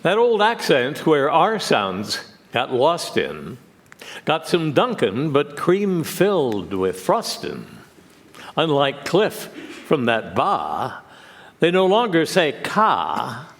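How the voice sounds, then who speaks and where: Slow male limerick reader. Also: on the high side, wildly swooping pitch. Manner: slow, deliberate, sing-song. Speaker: limerick reader on a quiz show. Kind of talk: reading comic verse.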